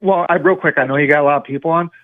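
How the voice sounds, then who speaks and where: A man's voice: on the high side, fairly even intonation, racing, no echo. A man calling in to a radio show, rambling and ranting in a heated way. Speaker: caller. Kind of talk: call-in talk radio. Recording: tinny phone line.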